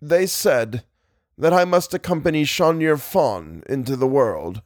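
A man's voice: on the high side, lively intonation, no echo, studio quality, pitched above the performer's own voice. A man voicing a trembling, haunted scholar. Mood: hushed. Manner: faltering, halting, sobbing speech. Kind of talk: audiobook character voice.

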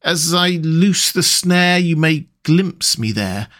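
A man voicing a gentle, dreamy male water rat from a storybook, speaking softly and wistfully. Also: fairly high pitch, lively intonation, slow, pitched above the performer's own voice. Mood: hushed wonder. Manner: soft, wistful, languid.

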